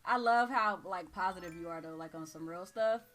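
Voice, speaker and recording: A woman's voice: lowish voice, fairly quick, a bit bright. A tired woman in her thirties with a Texas drawl, chatting casually on a live stream in a slangy, laid-back way while she reads the chat aloud. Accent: Texan.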